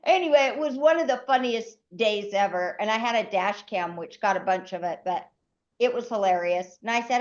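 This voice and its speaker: A middle-aged woman co-hosting a podcast, telling a story in a lively, animated way and acting out the quotes. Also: fairly high pitch, moderate pace. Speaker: co-host. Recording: dull lo-fi podcast audio.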